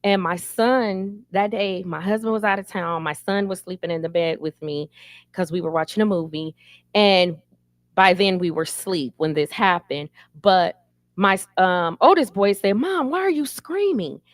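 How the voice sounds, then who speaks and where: A woman's voice: on the low side, fairly even intonation, normal speed, no room sound. Council candidate, woman, middle-aged, candid and emphatic. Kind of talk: interview answers.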